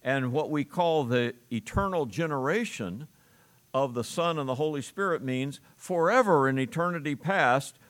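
Guy pastor preaching slow and careful, leans hard on key words. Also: fairly high pitch, animated, fairly bright tone. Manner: measured preaching with emphatic word stress. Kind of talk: sermon.

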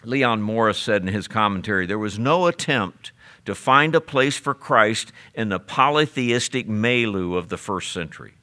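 A man preaching from the pulpit with a bright, forceful voice. He works through his points in an earnest sermon cadence, slowing down and lifting his pitch on quoted verses. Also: lively intonation. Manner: preaching, slows and rises on scripture quotes. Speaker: pastor.

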